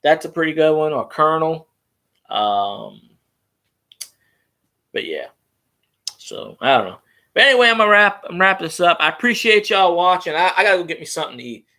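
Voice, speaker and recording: A man's voice: on the high side, sing-song, moderate pace, pauses often, bright, forceful tone. A man, rambling casually and crudely on his fan vlog. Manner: loose, rambling and crude, with fillers. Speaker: fan vlogger.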